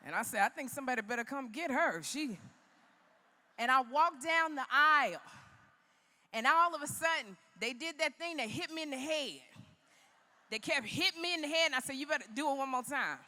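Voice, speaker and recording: Bright-voiced woman in her fifties, arena echo. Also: high voice, moderate pace, pauses often. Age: 50s. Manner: animated, humorous, preacherly, acts out quoted voices. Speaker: keynote speaker. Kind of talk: motivational speech with comic storytelling. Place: large indoor arena. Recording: long arena reverb.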